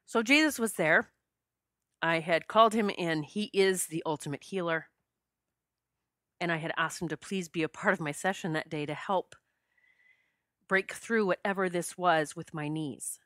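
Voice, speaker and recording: A woman's voice: lowish voice, normal speed, pauses often, fairly bright tone, dry recording, studio quality. A middle-aged woman hosting a podcast, telling a personal spiritual story with heartfelt emotion that chokes her up. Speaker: podcast host.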